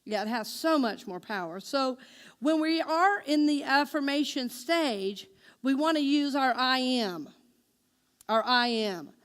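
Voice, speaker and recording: A woman minister preaching with a high, bright voice. She asks her congregation questions and waits for them to answer. She speaks her affirmations slowly and with care. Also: animated. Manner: engaging the congregation with call-and-response questions; slow, deliberate spoken affirmations. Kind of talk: sermon.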